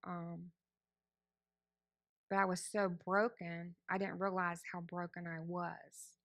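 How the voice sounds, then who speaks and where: A woman's voice: lowish voice, level tone, slow pace, fairly bright tone, no echo, muffled recording. A woman telling her personal testimony to a church congregation, candid and conversational, acting out her own past thoughts. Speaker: church member giving testimony.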